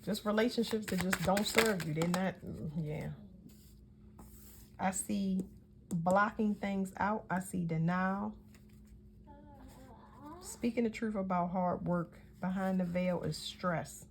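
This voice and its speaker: A woman's voice: mid-range voice, takes it slowly, long pauses, slight background noise. A woman giving a casual tarot reading, talking in a chatty, emphatic way and often correcting herself mid-sentence. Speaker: tarot reader.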